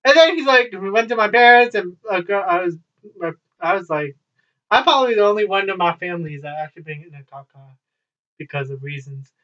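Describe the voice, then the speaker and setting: A young man with a high, bright, forceful voice rambles through casual stories at home, talking expressively and fairly fast, swearing plenty and tossing in wry asides. He's a vlogger, and a child is nearby. The recording sounds dull and lo-fi, picked up from a distance.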